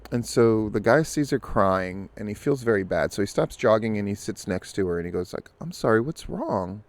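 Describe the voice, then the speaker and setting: A man's voice: on the low side, brisk. A man hosting a news and commentary show, casually telling a long joke in a conversational storytelling way. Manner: storytelling, conversational with filler restarts.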